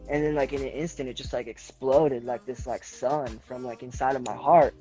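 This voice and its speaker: A man's voice: medium pitch, fairly even intonation, normal speed, mellow, soft background music, rough recording. A man telling a long personal story as a podcast guest, rambling and filling nearly every phrase with "like". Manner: rambling, leans heavily on filler "like". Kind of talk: personal story in casual conversation.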